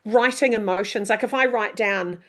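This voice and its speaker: A middle-aged woman, a coach and author chatting as a podcast guest, animated and quick to act out what people say. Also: medium pitch. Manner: lively, animated, acts out quoted voices, mild swearing. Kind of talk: casual podcast chat.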